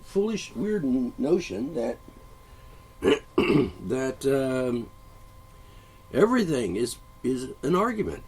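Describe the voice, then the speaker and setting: Husky man ranting with lively pitch. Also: poor audio. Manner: rambling, profane, frequent throat-clearing. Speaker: podcast host. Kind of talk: solo rant monologue.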